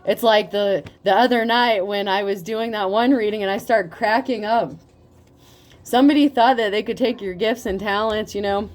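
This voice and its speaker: A woman giving a casual tarot reading, talking in a profane, animated way and laughing often. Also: medium pitch, normal speed. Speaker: tarot reader.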